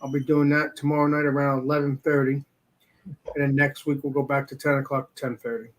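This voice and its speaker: A man's voice: mid-range voice, flat delivery, brisk, low-quality recording. A man chatting casually as a guest on a livestream, meandering and repeating himself with lots of fillers. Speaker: guest streamer.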